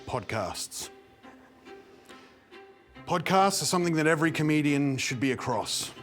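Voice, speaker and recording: Brief: male host, mid-pitched, self-important lecturer, faint music underneath. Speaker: comedy show host. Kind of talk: scripted mock-instructional comedy.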